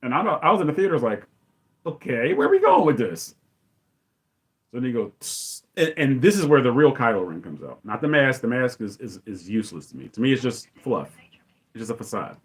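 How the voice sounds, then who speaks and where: A man in casual commentary, rambling and enthusiastic as he retells a movie scene and acts out lines in quick voices. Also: mid-range voice, big pitch swings. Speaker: podcast host.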